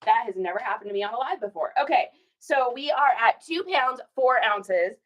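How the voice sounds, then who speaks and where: A woman's voice: a little high, lively intonation, moderate pace, a bit bright. A woman hosting a casual live stream while shipping orders, chatting folksily, telling stories and reading viewer comments aloud. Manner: folksy, says y'all.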